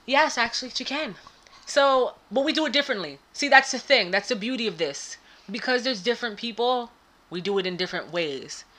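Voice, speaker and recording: A woman with a bright, high-set voice chats casually on a spiritual podcast. She is animated and breaks into loud laughing bursts now and then. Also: a little fast. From United States. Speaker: podcast co-host and spiritual advisor. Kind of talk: casual chat.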